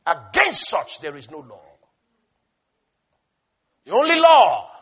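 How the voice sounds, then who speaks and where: A man preaching a sermon, impassioned and repetitive, swinging between shouting and hushed tones. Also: sits high, wildly swooping pitch, takes it slowly, breathy edge.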